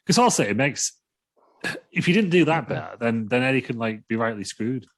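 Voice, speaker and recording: A man's voice: medium pitch, animated, fairly quick. A man co-hosting a casual wrestling podcast, blunt, sweary and teasing. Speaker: podcast co-host. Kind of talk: casual wrestling review chat.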